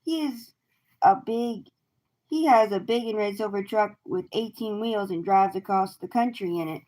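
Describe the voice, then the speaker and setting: A woman's voice: medium pitch, moderate pace, darkish tone, a little hiss or hum, close to an everyday voice. A woman voicing a chatty schoolgirl friend in a picture book read aloud. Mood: eager.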